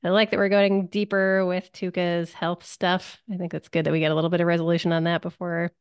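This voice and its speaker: A soft-spoken woman co-hosting a podcast, giving her thoughts on a TV episode in casual chat and laughing often. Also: lowish voice, little pitch movement, brisk, clean tone, no echo, clean studio sound. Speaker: podcast co-host.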